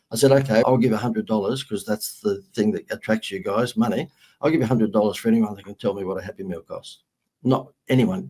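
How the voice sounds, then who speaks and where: Husky Australian man telling stories. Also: lowish voice. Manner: lively anecdotal storyteller, sarcastic humor. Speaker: guest, marketing consultant. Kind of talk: storytelling interview chat.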